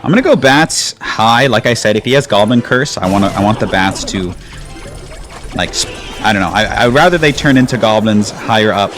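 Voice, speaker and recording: A man's voice: lowish voice, animated, normal speed, a bit bright. A man giving casual, chatty commentary over his own gameplay, with a laid-back manner and lots of "like". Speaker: gaming YouTuber. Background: game music.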